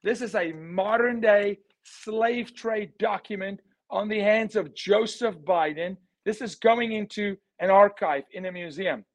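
A man speaking as an interview guest, forceful and emphatic, repeating his key words. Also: sits high, unhurried, few pauses, poor audio. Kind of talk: impassioned interview talk.

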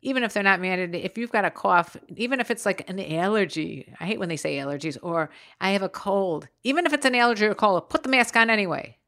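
A woman's voice: mid-range voice, lively intonation, fast talker, hardly any pauses, fairly bright tone. A woman in casual chat, indignant and sarcastic, laughing often at the story.

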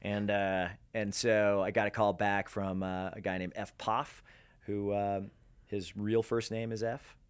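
A man's voice: fairly low pitch, little pitch movement, a little slow, clear, resonant tone. A man from Denver, a radio host and program director, telling his career story in a rambling, casual way full of fillers. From Denver, USA. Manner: rambling, lots of fillers and laughs.

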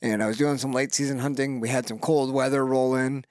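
Guy co-hosting a hunting podcast, steady and matter of fact, dry sound. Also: mid-range voice, fairly quick, no echo. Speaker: podcast co-host. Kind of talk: casual chat.

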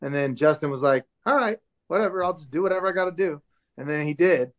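A man's voice: fairly high pitch, fast. A man in his forties telling a story in a casual chat, acting out the voices of the people he quotes. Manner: animated, acts out quoted dialogue. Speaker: show host telling a story as podcast guest. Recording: dull lo-fi sound.

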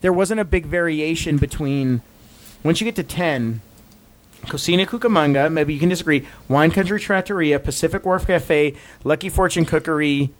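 Man, podcast host, casual chat, rambling, self-deprecating, slightly high voice. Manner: rambling, self-deprecating, quick to justify himself.

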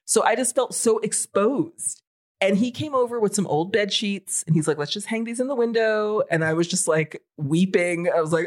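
A woman in her forties telling a story in casual podcast chat, animated and swearing freely. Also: medium pitch, normal speed. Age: 40s. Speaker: podcast co-host.

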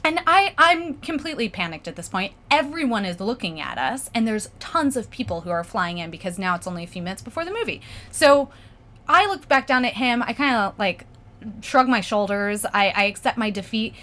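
A woman from Pennsylvania telling a story in casual chat, animated, acting out other people's lines and swearing freely. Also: mid-range voice, a little fast. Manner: animated, acts out voices in quotes, swears freely.

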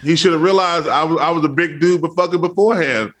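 An older man, a guest on the show, casually telling animated, profane stories and quoting people along the way. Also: fairly high pitch, fast talker. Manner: profane, animated anecdote telling with acted quotes. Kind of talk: casual storytelling.

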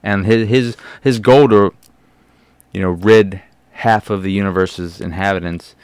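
A man's voice: fairly low pitch, fairly even intonation, measured pace, a little mellow, smooth, no echo. A man hosting a podcast, giving a casual, rambling film review with lots of restarts and fillers.

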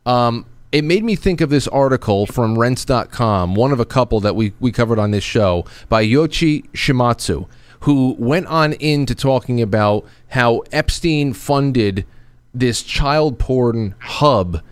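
A male show host in casual political talk, halting and questioning, often restarting his sentences. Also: mid-range voice, animated, clear, resonant tone, dry recording.

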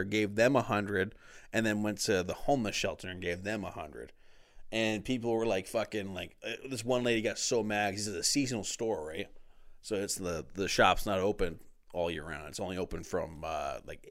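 A man chatting casually, telling stories with lots of swearing, acting out quotes and laughing often. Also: fairly low pitch. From Canada. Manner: animated storyteller, acts out quotes in varied voices, laughs often, swears a lot. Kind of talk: casual chat.

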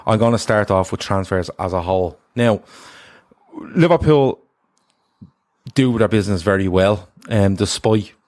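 A man hosts a football podcast in a relaxed, chatty way, often restarting his sentences. His voice sits fairly low, and the sound is dry with no room echo. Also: normal speed, few pauses. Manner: rambling, self-correcting, upbeat. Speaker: podcast host. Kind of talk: casual football podcast chat.

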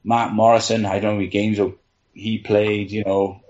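A man's voice: fairly low pitch, little pitch movement, normal speed, darkish tone, muffled recording. A man, a team trainer, rambling through anecdotes in casual panel chat, with frequent laughs and "you know". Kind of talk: casual storytelling on a podcast panel.

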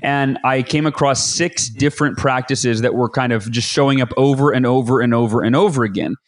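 A middle-aged man, a guest author, tells his story in an interview with lively energy, acting out his own thoughts in quoted asides. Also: medium pitch, brisk, no echo.

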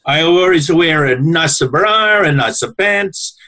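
A man's voice: a little high, expressive, a little slow, pushed and bright. A man voicing a blunt, earthy Italian woman in her seventies, in a put-on Italian accent with broken English that repeats itself for emphasis. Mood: emphatic. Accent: put-on Italian-English broken speech. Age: older.

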